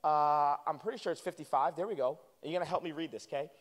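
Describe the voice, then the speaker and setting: A man preaching a sermon as a guest preacher in a church, animated and calling for responses from the congregation. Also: fairly high pitch, quick pace. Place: church sanctuary. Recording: long reverb of a church hall.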